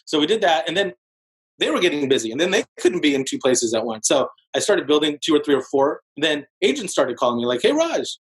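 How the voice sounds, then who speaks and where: A man in his forties speaks as a podcast guest in a loose, animated storytelling manner. His voice sits a little high for a man. He strings his story together with frequent "like" fillers. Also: quick pace, poor audio. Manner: animated storyteller, heavy use of "like", jumps into higher voices for quotes. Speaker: podcast guest, real estate broker. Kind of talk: casual storytelling interview.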